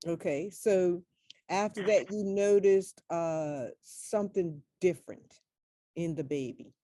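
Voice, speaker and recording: A woman host asking interview questions, prompting her guest in a halting way. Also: fairly low pitch, mellow, no echo, studio quality.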